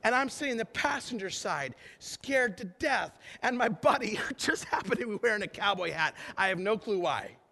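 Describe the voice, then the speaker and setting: High bright-voiced preacher in a hall. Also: male voice, normal speed, hardly any pauses. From northern Wisconsin. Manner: animated, swings from loud shouting to hushed prayer. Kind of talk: sermon. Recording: long hall reverb.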